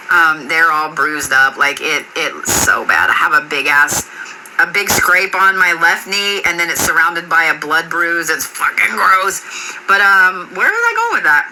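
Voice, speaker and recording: A woman's voice: lowish voice, sharp tone, slight background noise, low-quality recording. Chatty middle-aged woman with a foul mouth. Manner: rambling, swears freely, laughs often. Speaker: vlogger. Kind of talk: casual chat.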